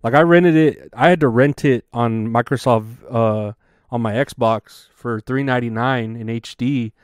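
A man's voice: mid-range voice, unhurried, clean tone, dry recording, studio quality. A young man hosting a solo podcast, rambling casually with lots of swearing and laughter. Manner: rambling and profane, laughs often. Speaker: podcast host.

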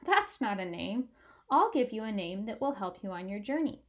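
Lady putting on a gravelly little frog, kind and magical, storybook style. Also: medium pitch, sing-song, normal speed, natural voice. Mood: encouraging. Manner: kindly, encouraging. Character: friendly magical female frog, gravelly and helpful.

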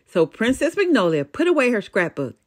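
Older woman reading a storybook expressively. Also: on the high side. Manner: expressive, animated storytelling with dramatic pauses. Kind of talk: children's storybook read-aloud.

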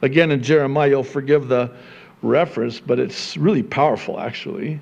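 A male pastor preaching a sermon, swinging between loud, high emphasis and low, quiet asides, with conversational chuckles to his congregation. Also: steady tone, brisk, creaky, highs cut off.

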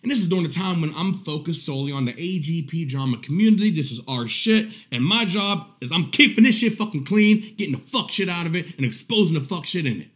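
Speaking fast with few pauses, this live-stream commentary host has a slightly high, slightly bright and animated voice. His casual talk wanders, full of profanity and repetition, and he laughs often.

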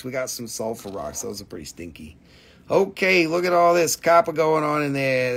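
A man's voice: a little high, creaky. A man hosting a live stream gem sale, with joking sales patter and a put-on quirky accent that comes and goes.

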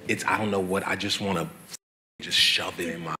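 A young man, a guest artist, telling animated, swearing stories in a casual live question-and-answer session. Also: deep voice, a little fast, noisy background. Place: event hall with audience.

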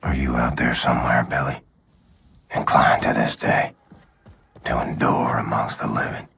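Game cutscene: a brooding old dad, extremely deep and gravelly, over music. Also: male voice, level tone, normal speed, noisy background. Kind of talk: video game cutscene acting.

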